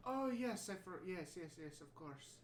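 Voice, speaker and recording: Tabletop player, lively and polite, heard from a distance, room echo and noise. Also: mid-range voice, unhurried. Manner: polite and hesitant in character, laughing and profane out of character. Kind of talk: in-character tabletop role-play. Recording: distant mic, echoey room, clear background noise.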